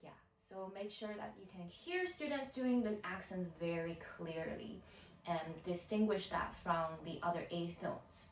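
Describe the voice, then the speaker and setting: Slow, patient woman teaching violin. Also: fairly low pitch, slight background noise. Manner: counts beats aloud, patient and instructive. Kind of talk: teaching tutorial. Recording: roomy sound from a distance.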